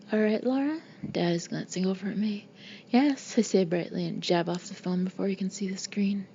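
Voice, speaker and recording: A woman's voice: medium pitch, vocal fry, dark tone, a little hiss or hum. A woman narrating a first-person audiobook in an intimate, often half-whispered way, on a slightly dull recording.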